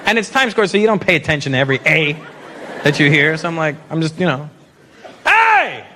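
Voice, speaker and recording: A man's voice: a little high, fast. A man performing profane stand-up comedy on stage, acting out characters with audience laughter behind him. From Canada. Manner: animated, profane, acts out characters. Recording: live stage mic with crowd noise.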